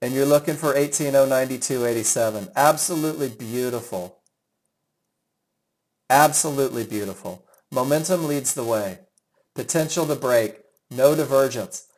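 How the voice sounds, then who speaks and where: Middle-aged man, mid-pitched, enthusiastic trading instructor on a live webinar, chatty with his students. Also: normal speed, slight background noise, poor audio. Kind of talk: live webinar teaching, reviewing students' trades.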